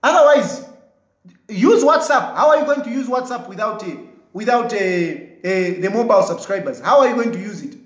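A man's voice: high voice, expressive, normal speed, echoey room, poor audio. A man with a Zambian English accent, replying to viewer comments in an emphatic, combative way that keeps repeating his points.

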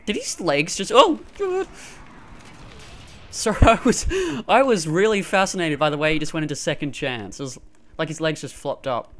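A man giving live gameplay commentary through a gaming headset, excitable and quick to yelp and laugh in fights. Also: a little high. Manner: excitable, frequent yelps and laughs during fights. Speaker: gamer.

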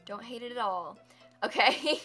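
A woman's voice: a little high, unhurried, pushed and bright, faint music behind. A woman live-streaming a building game, chatting casually with her viewers, giggling and teasing herself as she works. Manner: chatty, giggly, self-mocking, talks to chat.

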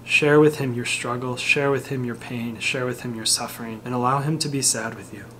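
A man's voice: medium pitch, steady tone, fairly quick, a bit bright, a little hiss or hum. A man, a priest, giving an earnest, informal sermon to young people and speaking directly to the listener. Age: adult.

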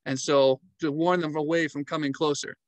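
A man vlogging, telling travel stories in a casual, animated way and acting out animal sounds and movements. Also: a little high, moderate pace, no echo, rough recording.

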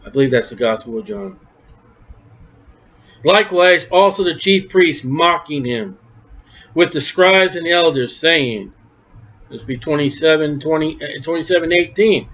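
A man's voice: on the high side, animated, unhurried, long pauses, fairly bright tone. A man preaching a conversational Bible-study sermon, emphatic, often repeating words. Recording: dull lo-fi recording.

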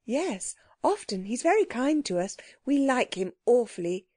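A woman voicing an older girl who speaks gently and earnestly. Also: fairly high pitch, sing-song, a little slow, breathy edge, no echo, studio quality, pitched above the performer's own voice, heavily acted.

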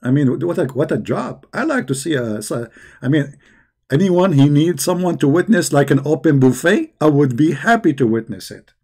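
A man hosting a call-in debate show, talking in a sarcastic, teasing way with many halting fillers. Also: on the high side, animated, a little mellow, breathy edge. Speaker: host.

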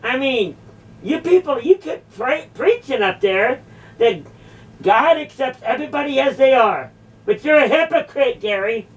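A woman's voice: sits high, expressive, a little slow, distant mic. A woman delivering a confrontational, mocking monologue, sarcastically repeating phrases back. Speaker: video creator confronting a church.

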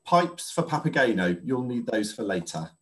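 A man's voice: mid-range voice, big pitch swings, moderate pace, background noise. Friendly man explaining over a video call. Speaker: stage manager. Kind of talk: interview guest.

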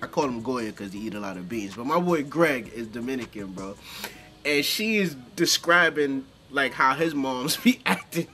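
Brief: man, very bright and lively voice, loose street slang, casual reaction host. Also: medium pitch, normal speed, soft background music.

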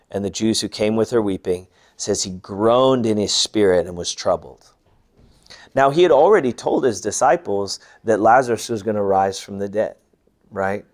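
A man teaching a bible class, earnest and lively, voicing the people he quotes and dropping to a hush for tender moments. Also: fairly low pitch. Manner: earnest, animated when quoting, softening to hushed. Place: large room or hall.

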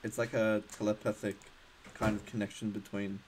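A man's voice: fairly low pitch, level tone, moderate pace, darkish tone, slight background noise, low-quality recording. A man narrating as game master for a tabletop game, hesitant and full of fillers and restarts.

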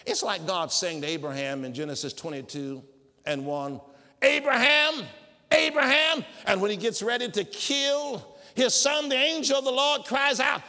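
A man preaching a sermon in a church, emphatic and climbing to shouted peaks. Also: high voice, normal speed, big-room sound. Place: church sanctuary.

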